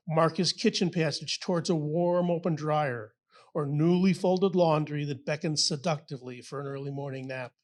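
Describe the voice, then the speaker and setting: A man reading his own descriptive poem aloud at a poetry event, measured and vivid. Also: fairly high pitch. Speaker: local poet.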